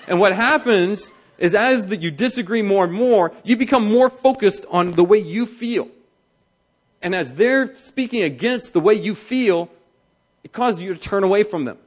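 Animated male pastor preaching. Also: high-pitched, moderate pace. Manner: animated, conversational, acts out quoted voices. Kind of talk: sermon on marriage.

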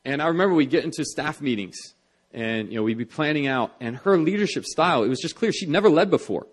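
A man's voice: fairly high pitch, animated, fast talker. Earnest young man preaching a sermon. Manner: earnest, conversational preaching with many fillers and restarts. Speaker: pastor.

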